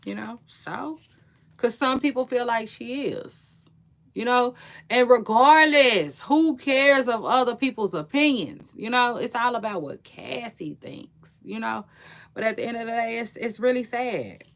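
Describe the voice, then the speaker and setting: A woman's voice: a little high, lively intonation, a little slow. A woman giving casual celebrity gossip commentary, chatty and slangy, rambling with frequent asides.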